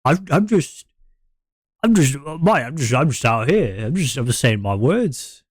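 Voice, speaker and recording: A man's voice: mid-range voice, big pitch swings, measured pace, no echo, clean studio sound, voice pushed up. A man doing a drawling, slangy bloke who ends everything with "mate". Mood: lazy, teasing. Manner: drawling, mock British-Australian slang. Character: laid-back slangy young man rambling "mate".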